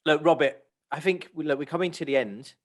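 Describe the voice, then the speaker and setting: A man hosting an interview, politely wrapping up and offering soft affirmations. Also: fairly high pitch, brisk. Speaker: interview host. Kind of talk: podcast interview.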